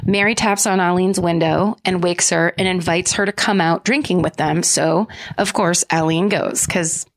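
A woman's voice: on the low side, fairly even intonation, moderate pace, hardly any pauses. A woman co-hosting a podcast, telling a true-crime story in a chatty, joking way with lots of fillers. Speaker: podcast co-host.

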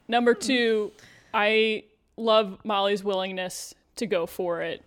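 Measured, upbeat woman podcast co-host. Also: mid-range voice, little pitch movement. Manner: measured and upbeat, reads listener questions. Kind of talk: casual podcast chat.

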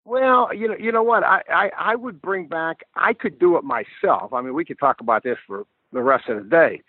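A man's voice: on the high side, normal speed, breathy edge, no room sound. Older man telling stories over a tinny line. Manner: animated storyteller, repeats words when starting a thought. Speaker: guest football coach. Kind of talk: telling stories in a podcast chat. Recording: dry, tinny phone-like line.

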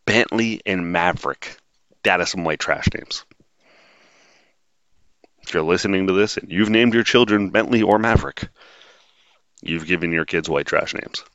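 A very deep-voiced man hosts a solo podcast, drifting from point to point with dry sarcasm and plenty of ums. The sound is dull and lo-fi, with a dead, dry room around him. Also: moderate pace, long pauses, a bit bright, clear, resonant tone, no echo. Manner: rambling, wry and sarcastic, frequent filler words. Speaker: podcast host. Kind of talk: casual solo monologue.

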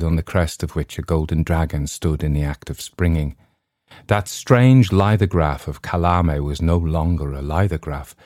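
A man reading a classic story aloud in a measured, dramatic first-person narration. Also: sits low, darkish tone, no room sound, studio quality. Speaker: audiobook narrator.

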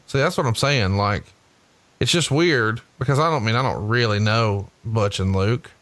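A man from Alabama chats about old wrestling shows, loose and profane, joking and cursing as he goes. His voice is bright and forceful, recorded close and dry with no room sound. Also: on the low side, moderate pace, no echo. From Huntsville, Alabama. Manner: profane, jokey, laughs often. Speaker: podcast co-host. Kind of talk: casual wrestling chat.

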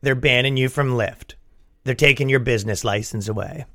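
A man hosting a comedy podcast, telling stories in an animated, exasperated rant. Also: mid-range voice, normal speed. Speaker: podcast host. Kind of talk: comedic storytelling.

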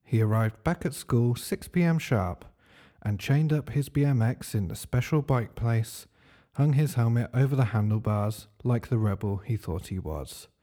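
A man narrating a comic story in a dry, deadpan way. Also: mid-range voice, normal speed.

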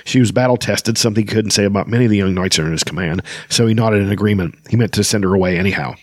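Man reading fantasy novel aloud, casual halting asides, low voice, dry close sound. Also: dry recording. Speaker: book reader and commentator.

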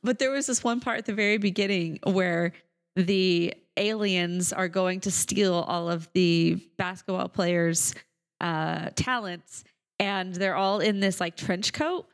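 A woman's voice: lowish voice, measured pace. A woman co-hosting a podcast, chatting in a bubbly, self-deprecating way about a movie. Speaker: podcast co-host. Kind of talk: casual movie discussion.

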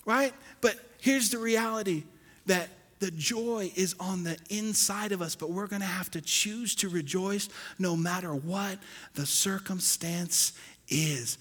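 Animated preacher in a reverberant church. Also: male voice, high voice, a little slow. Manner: animated preaching, swings loud and soft, acts out churchgoers. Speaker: pastor. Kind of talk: sermon. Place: church sanctuary. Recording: long hall reverb.

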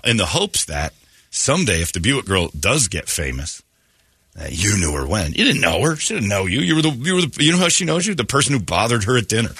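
A low, husky male voice with plenty of bright edge, rising and falling with animated swings as he riffs through a casual radio morning show. He tells his stories in a lively way, mimicking the people in them. The sound is dry and close, as in a radio studio. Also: fairly quick, no echo, some chatter behind. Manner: animated storyteller who acts out quoted voices.

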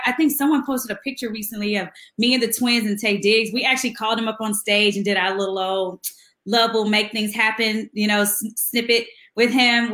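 A woman's voice: fairly high pitch, bright, forceful tone, roomy sound. A woman guest in a casual interview, chatty and laughing as she tells stories and mimics people. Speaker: guest singer.

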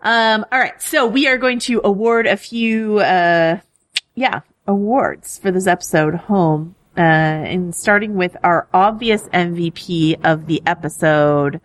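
A chatty woman hosting a podcast, talking loosely with lots of ums and quick laughs. Her voice sits on the lower side and the recording is dry and close. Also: no echo. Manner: chatty, laughing often, many fillers. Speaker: podcast co-host. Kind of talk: casual podcast chat.

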